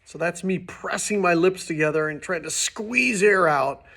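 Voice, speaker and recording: A man's voice: sits high, normal speed, vocal fry, a bit bright. A man teaching beginners trumpet basics, explaining patiently in a plain, casual way with the odd restart. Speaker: music teacher. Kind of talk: instructional demonstration.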